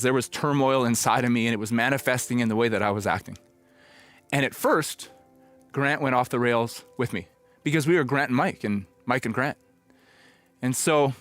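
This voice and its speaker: A man's voice: mid-range voice, a bit bright. Man telling a reflective sermon story. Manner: conversational, reflective storytelling with acted-out quotes. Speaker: pastor.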